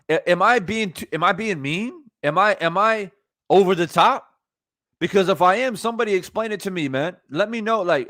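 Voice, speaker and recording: A man's voice: sits high, normal speed, pushed and bright, no room sound, studio quality. A man giving live reaction commentary on boxing, heated, profane and incredulous.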